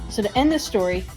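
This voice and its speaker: A woman casually telling a comic story, laughing through her words and swearing now and then. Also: medium pitch. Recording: roomy echo with faint music.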